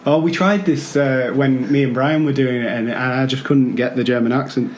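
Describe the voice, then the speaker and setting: A man's voice: medium pitch, steady tone, moderate pace, darkish tone, a little hiss or hum. A man co-hosting a casual podcast chat, bantering easily and laughing readily. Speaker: podcast co-host.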